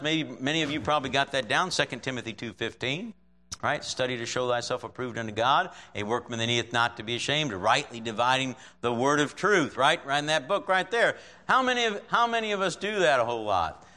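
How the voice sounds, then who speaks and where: A man with a mid-range, bright, forceful voice preaches a sermon and reads scripture aloud. He keeps it conversational, checking in with his listeners with frequent "right?" and chuckling often.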